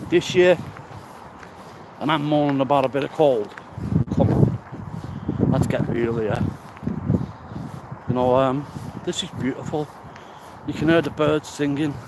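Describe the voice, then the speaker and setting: A man's voice: fairly high pitch, moderate pace, pauses often. Breathless man rambling outdoors. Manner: rambling, blunt, swears casually. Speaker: recovery vlogger. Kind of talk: casual walking vlog. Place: outdoors, walking in nature. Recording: outdoor noise, wind and birds.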